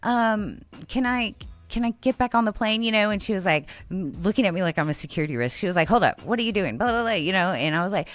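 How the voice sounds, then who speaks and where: A woman's voice: mid-range voice, fast talker, few pauses, no room sound, soft background music. A woman co-hosting a talk show, telling a funny travel story in casual chat and acting out the voices of the people in it. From Texas. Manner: animated, laughing, acts out quoted dialogue. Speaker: radio show co-host.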